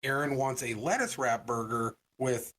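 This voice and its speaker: A man co-hosting a podcast in casual chat, telling an animated story and acting out the voices of the people in it. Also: medium pitch, moderate pace. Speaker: podcast co-host.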